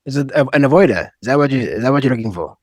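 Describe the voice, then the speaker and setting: A South African man in his thirties, mid-pitched, talking in a casual, frank way sprinkled with "man" and "like". His voice sits close and dry on the mic. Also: expressive, very fast, darkish tone, no room sound. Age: 30s. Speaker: guest, husband. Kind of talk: casual candid conversation.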